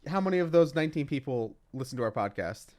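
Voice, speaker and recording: A young man co-hosting a casual podcast chat, with an ordinary mid-pitched voice. He rambles loosely, leans on filler words and laughs easily. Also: lively intonation, fast, darkish tone. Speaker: podcast co-host.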